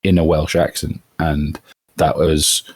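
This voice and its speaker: A man's voice: very deep voice, flat delivery, slow, breathy edge. A man who works as a voice actor, explaining his craft thoughtfully in a casual interview.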